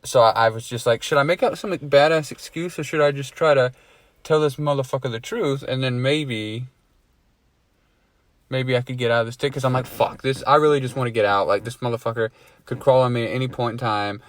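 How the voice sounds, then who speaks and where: A man in a relaxed chat tells a rambling story, swearing freely and breaking into laughter at himself. His voice sits at an average pitch and is recorded close and dry, with no room sound. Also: a little fast, no room sound. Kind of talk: casual storytelling among friends.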